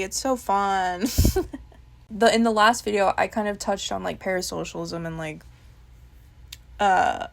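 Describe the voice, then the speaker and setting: A woman's voice: medium pitch, vocal fry. A young woman talking candidly to camera in a casual vlog, swearing freely and laughing at herself. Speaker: vlogger. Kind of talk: casual confessional chat.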